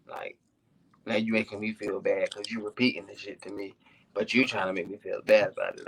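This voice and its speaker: A man's voice: fairly low pitch, fairly even intonation, brisk, vocal fry, fairly bright tone, breathy edge, rough recording. A man co-hosting a casual podcast, talking bluntly in slang about his own feelings. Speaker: podcast co-host.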